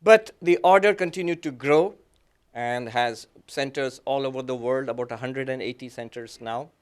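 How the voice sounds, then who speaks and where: A man, a monk, giving a reflective talk that mixes his own story with teaching, speaking gently with frequent fillers and soft laughs. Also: medium pitch, normal speed, clear, resonant tone. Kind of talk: reflective lecture with personal story.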